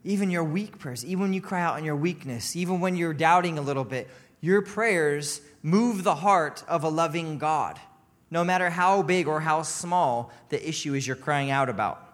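A man preaching a sermon with passion. He rises to loud cries and breaks off for chuckling asides. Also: a little high, normal speed. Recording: long hall reverb.

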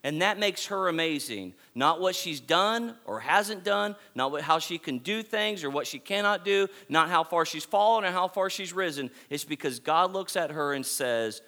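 A man's voice: high voice, lively intonation, moderate pace, hardly any pauses, sharp tone. A man preaching a sermon to his congregation, emphatic and repetitive, building points through repeated phrases. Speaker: pastor.

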